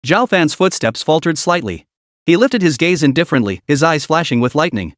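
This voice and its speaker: A male narrator reading a scripted story recap with dramatic delivery. His voice sits fairly high for a man and moves about a lot in pitch, with dry, close sound and no room echo. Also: animated, fairly quick, fairly bright tone.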